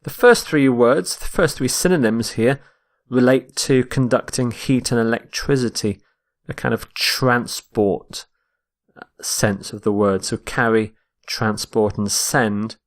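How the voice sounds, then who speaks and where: A man teaching English vocabulary, explaining words slowly and modelling their pronunciation and stress. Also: mid-range voice. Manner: slow and deliberate, models pronunciation. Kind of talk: vocabulary lesson.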